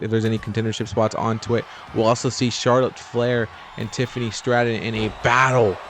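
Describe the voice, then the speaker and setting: A man's voice: medium pitch, a little mellow, slight background noise. A man giving casual, rambling commentary over a wrestling video game, with chatty, jokey asides. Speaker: gameplay commentator.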